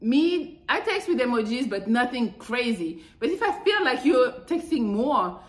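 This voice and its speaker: A woman with a fairly high voice gives dating advice in a blunt, profane, animated way. Her voice carries a roomy echo. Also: measured pace. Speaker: podcast host. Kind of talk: casual advice monologue. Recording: echoey room.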